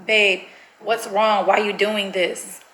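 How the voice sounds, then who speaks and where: A woman's voice: medium pitch, little pitch movement, slow, sharp tone. Woman vlogger, chatty, nervous, addresses viewers, echoey room with faint hiss. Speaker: vlogger pulling a prank on her partner. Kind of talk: casual vlog chat.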